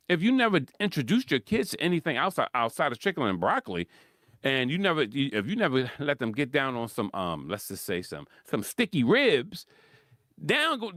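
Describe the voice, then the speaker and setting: A man with a Philadelphia accent talking sports in a rambling, animated monologue, acting out quotes and laughing often. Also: on the high side, no room sound, clean studio sound. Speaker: sports commentator host. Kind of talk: casual monologue.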